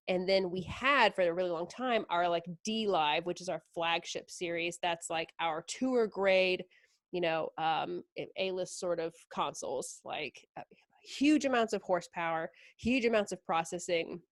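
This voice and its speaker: A woman's voice: lowish voice, no echo, clean studio sound. A woman talking casually as a product specialist, explaining mixing consoles with lots of fillers. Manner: chatty, lots of fillers and likes. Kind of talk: casual technical demo talk.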